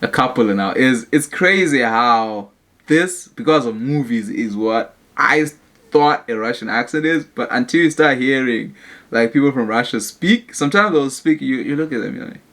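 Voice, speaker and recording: Man, reaction host, relaxed, chatty, mid-range voice. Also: medium pitch, normal speed. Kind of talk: casual reaction commentary.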